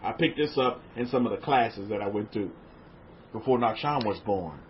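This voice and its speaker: A man leading an online spiritual class, asking his listeners questions in a gentle voice that often sinks to a hush. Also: on the low side, moderate pace, dull audio, a little hiss or hum. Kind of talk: interactive spiritual teaching.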